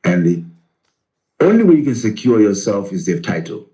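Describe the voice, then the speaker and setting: A man's voice: lowish voice, sing-song, fairly quick, warm tone, low-quality recording. A man, a professor, arguing in a political interview, asking rhetorical questions and answering them himself.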